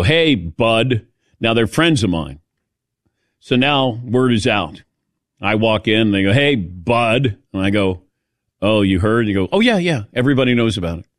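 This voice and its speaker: Chatty and sarcastic, this man hosts a laid-back sports talk radio show built around his stories. His pitch is fairly low, and the studio-quality recording is dry.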